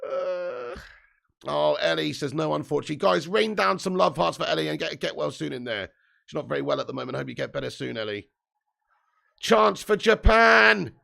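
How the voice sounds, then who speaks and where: A man in his thirties with a heavily gravelly, rough-edged morning voice sits just out of bed and hosts a live football stream from home. His pitch sits a bit higher than most men's. He chats loosely, swears freely and jokes his way through viewer comments. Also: quick pace, a bit bright. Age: 30s. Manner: chatty and jokey, sweary, reads out viewer comments. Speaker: host of a live football watch-along stream. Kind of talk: casual live-stream chat and match commentary.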